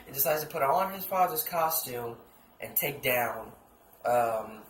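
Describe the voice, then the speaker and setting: A young man talks through a comic book story in a loose, rambling way, swearing and putting on the characters' lines as he goes. His voice sits at a middling pitch. The room sounds echoey, with a faint hum behind him. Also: expressive, a little slow, fairly bright tone. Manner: rambling, swears, acts out quotes. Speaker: podcast host. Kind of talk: casual comic book recap.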